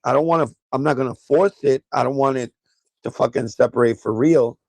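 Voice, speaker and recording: A middle-aged man with a New York accent, hosting a casual sneaker livestream with excitable, profane banter. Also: mid-range voice, a little fast, vocal fry, no echo, poor audio.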